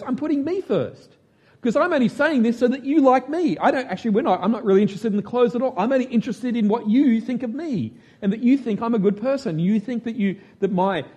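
A male preacher with a husky voice that sits high for a man. He talks in a chatty, self-mocking way and keeps checking in with the room. It comes across as an informal sermon. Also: a little mellow. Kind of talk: conversational sermon.

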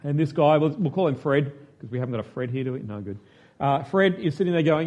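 A man's voice: fairly high pitch, animated, fast talker, a little mellow, highs cut off. A man preaching a conversational sermon, self-mocking and chatty, often asking his listeners questions.

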